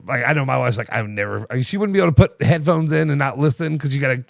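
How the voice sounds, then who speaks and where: Gravelly-voiced man rambling on a live show. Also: medium pitch, very fast, no room sound, studio quality. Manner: rambling, lots of fillers and restarts, laughs easily. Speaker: show host. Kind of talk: casual live show chat.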